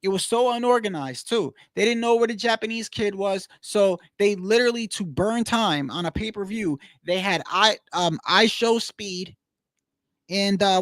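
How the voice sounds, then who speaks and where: A man's voice: high-pitched, no room sound, clean studio sound. A man giving a casual, swearing opinion rant to his viewers, saying "bro" a lot. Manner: animated, swears often, says "bro" a lot. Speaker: boxing commentator.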